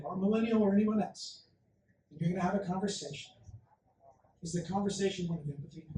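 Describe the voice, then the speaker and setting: A man speaking as a conference keynote speaker, telling stories with lively, acted-out quotes. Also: high voice, a little hiss or hum. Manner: animated storyteller, acts out quotes. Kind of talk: motivational keynote talk. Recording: echoey hall, mic from a distance.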